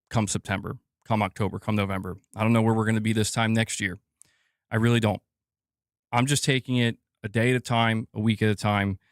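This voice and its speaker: A man's voice: fairly low pitch, no echo, clean studio sound. A man hosting a live gaming news stream, ranting casually and swearing as he talks to his chat.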